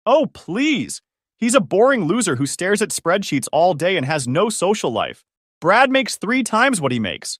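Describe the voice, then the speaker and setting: A man voicing a spoiled, entitled young woman, shrill and scornful in her outbursts, in a storybook reading. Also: big pitch swings, unhurried, a bit bright, dry recording, studio quality, full character voice. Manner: sneering, indignant outbursts.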